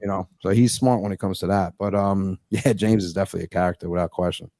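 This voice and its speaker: Animated young comedian, profane and dry-miked. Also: male voice, sits low, fast talker, dry recording. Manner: animated, profane, acts out other people's lines. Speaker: guest comedian. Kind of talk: casual storytelling chat.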